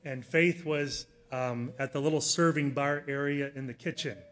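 A middle-aged man preaching a sermon, telling a personal story in an earnest way that rises to loud emphasis. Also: mid-range voice, steady tone, moderate pace.

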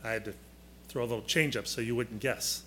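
A man teaching a Bible lesson to a class, deliberate and emphatic, pausing to quiz his listeners. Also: mid-range voice, steady tone, pushed and bright, a little hiss or hum.

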